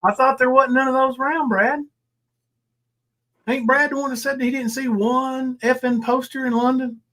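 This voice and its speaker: A man's voice: very high-pitched, flat delivery, moderate pace, bright, forceful tone, faint music behind. A man hosting a livestream, talking in a rambling, sarcastic, coarse way. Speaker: livestream host. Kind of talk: casual livestream commentary.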